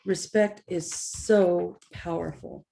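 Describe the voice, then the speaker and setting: A middle-aged woman educator giving a talk, telling anecdotes with lively storytelling and acting out the voices she quotes. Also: lowish voice, takes it slowly, creaky. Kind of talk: presentation with anecdotes.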